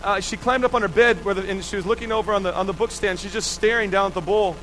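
A man's voice: high-pitched, fairly even intonation, fast talker, a bit bright, a little hiss or hum, poor audio. A man preaching a sermon, telling a personal story and putting rhetorical questions to the congregation. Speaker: pastor.

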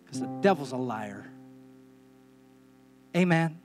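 A man's voice: fairly high pitch, lively intonation, takes it slowly, faint music behind. A man preaching a sermon as pastor in a church, emphatic, with repeated calls and amens.

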